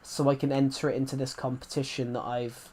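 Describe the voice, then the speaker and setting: A man's voice: medium pitch, little pitch movement, brisk, darkish tone, slight background noise. A man, chatting casually on a live stream and rambling through restarts and repeated phrases. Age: 20s.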